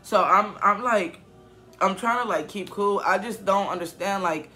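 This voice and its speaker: Young male vlogger, twenties, high bright voice, upset and rambling, lots of fillers. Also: unhurried, soft background music. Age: 20s. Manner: rambling, many fillers and restarts; upset, emotional. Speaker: YouTuber. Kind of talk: casual vlog story.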